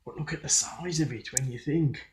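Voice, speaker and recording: A man's voice: on the high side, moderate pace, a little mellow, slight background noise. An older man with a Brummie accent, casually narrating over old pictures he sent in as a video. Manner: chatty, reminiscing. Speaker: viewer sending in a video.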